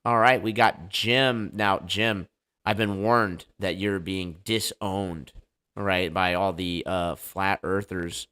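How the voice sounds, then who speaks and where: A man's voice: low voice, fairly even intonation, slow pace, bright, forceful tone, clear, resonant tone. A man hosting a casual livestream debate show, talking loosely and joking as he sets things up. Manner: loose, joking, hype-style banter.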